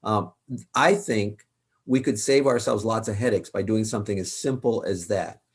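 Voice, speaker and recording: A man's voice: lowish voice, normal speed, husky. A man, a worship leader and author, giving earnest, emphatic advice in an interview, repeating words for stress.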